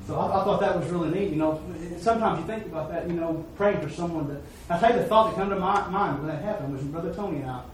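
A preacher man tells his mission story in a folksy, repetitive style, building to emphatic peaks. His somewhat high voice carries from a distance in a heavily echoing hall, over a faint hiss. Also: fast, hardly any pauses. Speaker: preacher giving a mission report. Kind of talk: sermon storytelling. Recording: echoey hall, far-off mic, faint noise.

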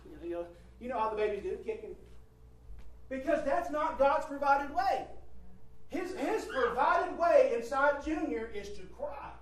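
A man's voice: very high-pitched, animated, unhurried. A male preacher giving an emphatic sermon, swelling and dropping his voice and repeating phrases for effect. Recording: roomy hall from a distant mic, faint ambience.

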